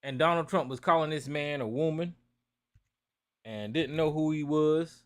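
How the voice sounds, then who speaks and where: A man's voice: a little high, normal speed, smooth. A man from North Carolina, hosting a call-in talk show and ranting profanely about politics.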